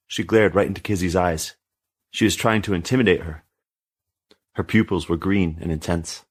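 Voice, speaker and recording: A man narrating a story in a steady, measured reading voice. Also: low-pitched, husky.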